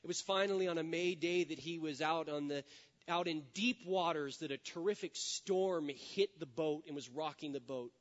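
Male pastor with a fairly high voice, an earnest storyteller preaching in a church; the sound is dull and rings with long hall echo. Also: normal speed. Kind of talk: sermon.

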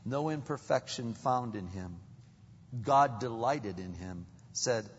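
Husky man preaching in an echoing hall. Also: mid-range voice, animated, a little slow. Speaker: pastor. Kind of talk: sermon. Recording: dull, long-reverb hall sound.

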